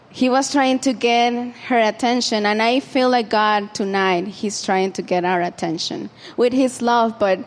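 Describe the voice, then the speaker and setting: Woman preacher, informal sermon, conversational, fillers and restarts, mid-pitched voice. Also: big-room sound.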